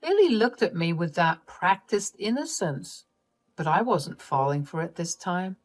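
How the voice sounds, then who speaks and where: A woman narrating a personal family drama in an expressive, wry and exasperated way. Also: fairly low pitch, measured pace.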